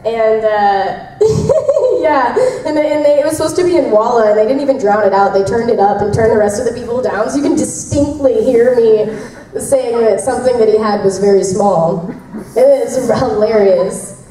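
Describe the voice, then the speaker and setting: A higher-pitched woman with a soft, mellow tone chats with fans in a bubbly, rambling way, laughing often between her stories. She sounds distant from the mic in a very echoey convention room, with a faint hiss of noise underneath. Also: moderate pace. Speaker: voice actress answering fan questions. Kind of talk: casual convention Q&A.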